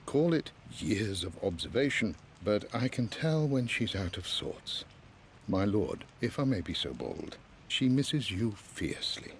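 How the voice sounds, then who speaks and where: A man's voice: fairly low pitch, sing-song, a little slow, a little hiss or hum. An older man playing a devoted, patient butler, reading his own letters as game voice-over in a formal, deferential manner.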